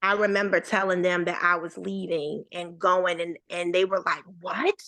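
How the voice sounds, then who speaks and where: A woman's voice: fairly low pitch, moderate pace. A woman in her thirties, a podcast guest, telling a personal story in casual conversation and acting out the voices of the people in it. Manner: animated storyteller, acts out quoted voices.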